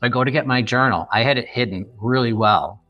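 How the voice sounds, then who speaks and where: A man's voice: medium pitch, a little fast, no room sound, dull audio, faint music behind. 50s guy from chicago area, author guest on a pod, retelling a heavy memory, does the voices of what ppl said. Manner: vivid retelling that acts out remembered dialogue. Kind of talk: emotional personal storytelling.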